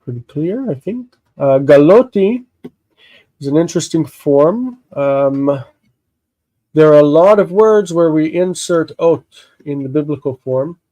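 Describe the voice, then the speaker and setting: Man, teacher, stuffy sinuses, slow halting delivery, mellow tone, dry sound. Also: a little high, expressive, dry recording, low-quality recording. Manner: slow, halting, thinking aloud with many fillers. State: congested sinuses. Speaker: Hebrew teacher. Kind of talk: explaining Bible text on a livestream.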